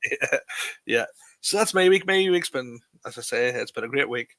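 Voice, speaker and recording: A man's voice: mid-range voice, expressive, normal speed, a bit bright, dry recording. A Northern Irish man and comedian co-hosting a podcast, easygoing in casual chat, laughing often. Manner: laid-back, laughs often, repeats words.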